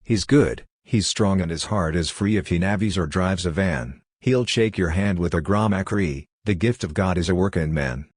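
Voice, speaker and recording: A coarse working-class poet declaiming verse in a hard, brassy, flat voice, as a man reads him. The voice sits low and deep, and the sound is dry and close. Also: moderate pace, hardly any pauses, no echo. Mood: reciting.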